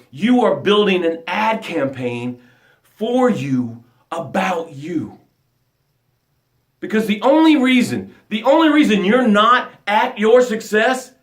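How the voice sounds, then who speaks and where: A man with a fairly high voice gives a motivational talk, in the manner of a coach. He is emphatic, rising to loud bursts and dropping to hushed lines. The room around him is echoey.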